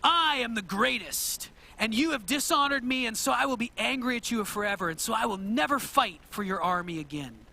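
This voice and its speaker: A preacher voicing a proud furious warrior. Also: male voice, very high voice, lively intonation, brisk, creaky, hardly any pauses, bright, forceful tone, full character voice. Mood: defiant. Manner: defiant, boastful declarations. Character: proud, furious young Greek warrior man.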